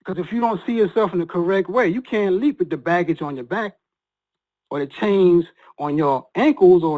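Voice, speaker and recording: A man appearing as a guest recounts a personal, emotional story, earnest and halting, with many repeated restarts. His voice sits high, and the sound is phone quality.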